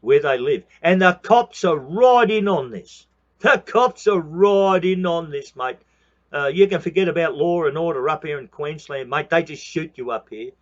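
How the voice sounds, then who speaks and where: On his own channel, an Australian man in his sixties delivers a heated, profane ranting monologue, repeating phrases and calling the listener "mate." His fairly high voice is expressive and moves at normal speed. The recording sounds muffled.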